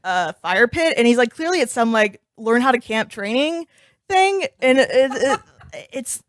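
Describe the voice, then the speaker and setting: A woman's voice: a little high, lively intonation, moderate pace, no echo. A woman co-hosting a podcast, telling stories in a rambling, casual way. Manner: rambling, heavy use of "like" fillers. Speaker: podcast co-host. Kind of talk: casual comedic chat.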